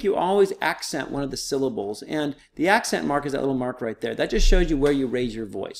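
Male teacher, middle-aged, casual walkthrough tone, slightly high voice, plenty of ums. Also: creaky. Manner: casual, patient, explains step by step with fillers. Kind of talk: recorded online lesson, screen walkthrough.

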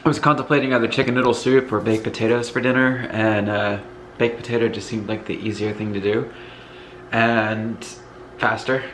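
A man with a lowish voice and a Northeastern US accent talks at normal speed while roaming his house for a casual vlog. Tired and laid-back, he rambles with fillers, and congestion in his lungs brings an occasional cough. The recording is rough, with slight background noise.

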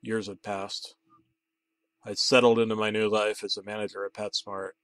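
A man narrating a comedic creepypasta story, deadpan and mock-dramatic. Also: on the low side, normal speed, clean tone, no echo. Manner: deadpan, mock-dramatic, rising to excited outbursts.

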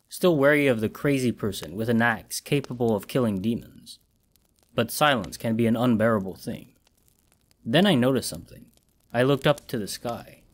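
A man narrating a first-person horror story in a measured storytelling manner. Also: mid-range voice. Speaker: audiobook narrator.

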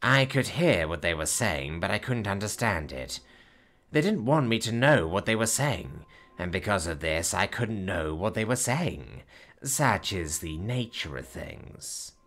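A man's voice: deep voice, sing-song, unhurried, fairly bright tone. A man narrating a fantasy story, doing the characters' lines in his own voice.

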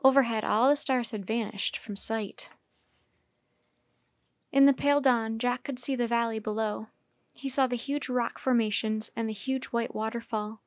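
A woman reading a children's chapter book aloud in a calm, measured way. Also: fairly high pitch, no echo. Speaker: storyteller.

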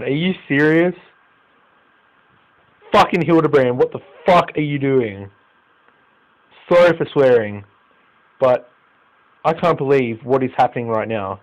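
Over a football management game, a young Australian man, a gaming YouTuber, commentates live, muttering low and then erupting in loud swearing exclamations. His pace is a little slow with long pauses, and the audio is dull.

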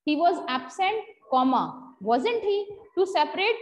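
A woman teacher with an Indian English accent, giving an online grammar class and dictating example sentences slowly, mixing in short Hindi asides. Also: high voice, very animated. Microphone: video call. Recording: slightly dull lo-fi video call audio.

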